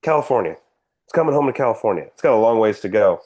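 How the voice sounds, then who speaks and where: This podcast co-host talks politics casually, unleashing sarcastic rants full of swearing. His voice is lowish, dark, and a bit rough, and he speaks expressively at a quick clip.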